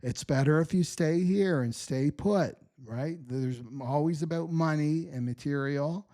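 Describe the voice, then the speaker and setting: A man's voice: fairly high pitch, measured pace, mellow. A man giving a spiritual talk as a teacher, earnest and repetitive, asking "right?" again and again. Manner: earnest, repeats "right?" often.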